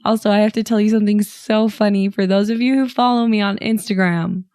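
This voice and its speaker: A woman with a Utah accent hosting a podcast in a chatty, self-deprecating way, her voice a little hoarse and raspy. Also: mid-range voice, steady tone, fairly quick, a little mellow, no room sound, clean studio sound. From Utah, USA. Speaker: podcast host. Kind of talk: casual podcast chat.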